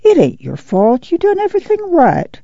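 Man doing a gentle old farm mother, gravelly, dark-toned, lo-fi audiobook read. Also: very high-pitched, huge pitch swings, moderate pace, dry recording, voice pushed up, full character voice. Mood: comforting. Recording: dull lo-fi recording.

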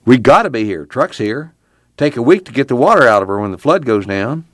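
A man's voice: mid-range voice, very animated, brisk, a bit bright, dry recording, studio quality, pitched above the performer's own voice. A man voicing a blunt, practical young man in an audiobook reading. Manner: curt, matter-of-fact.

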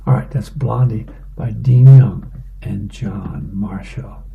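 A man reading the newspaper comics aloud for a radio reading service, casual and relaxed with fillers. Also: fairly low pitch, slow pace, vocal fry, phone-quality sound. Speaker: volunteer newspaper reader.

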